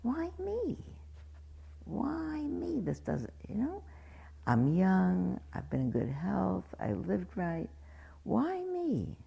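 A woman's voice: fairly low pitch, expressive, slow pace, gravelly, warm tone, husky, highs cut off, voice pushed up, heavily acted. A woman voicing her frank friend facing grave illness, candid and searching as she speaks. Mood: anguished. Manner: candid, searching, self-questioning.

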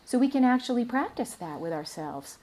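A woman's voice: fairly high pitch, very animated, fairly quick, dark tone. Woman giving a reflective dharma talk. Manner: reflective, storytelling, many fillers. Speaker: meditation teacher. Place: retreat center.

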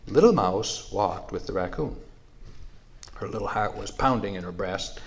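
A man telling a traditional animal story in a measured, unhurried narration. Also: fairly low pitch, expressive.

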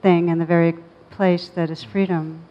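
A woman meditation teacher speaking in a soft, thoughtful, unhurried way during a reflective conversation. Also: on the low side, little pitch movement. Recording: dull lo-fi sound with long reverb.

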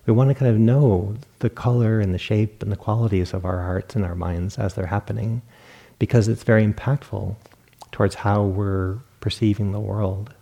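Low gravelly-voiced man giving a dharma talk. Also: normal speed, muffled recording. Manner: relaxed, reflective storytelling with self-amused laughs. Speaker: meditation teacher. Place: meditation hall.

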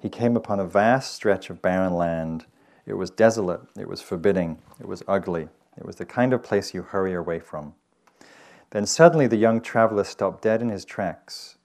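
Soft-spoken English man giving a dharma talk. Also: low-pitched, normal speed. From England. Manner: gentle, conversational storytelling. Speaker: meditation teacher. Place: meditation hall with audience.

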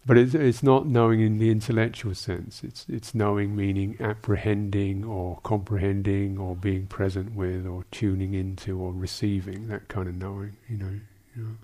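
A man, a Buddhist monk teacher, answering questions in a dharma talk, speaking in a halting, thoughtful way with many restarts and small asides. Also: lowish voice, level tone, mellow.

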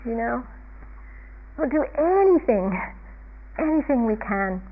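A woman giving a reflective, unhurried Buddhist dharma talk as a meditation teacher, chuckling often. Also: fairly high pitch, big pitch swings. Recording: tinny phone-like line.

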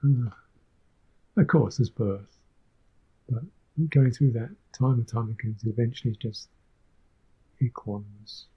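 An older man with an English accent, a Buddhist monk giving a gentle, reflective dharma talk, often repeating his phrases and laughing softly. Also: mid-range voice, a little slow, pauses often, breathy edge. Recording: dull lo-fi recording.

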